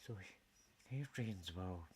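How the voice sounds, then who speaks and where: A man's voice: sits low, expressive, takes it slowly, background noise. A Scottish man in a casual, rambling chat full of jokes and swearing. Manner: jokey, rambling, swears a lot. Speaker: vlogger.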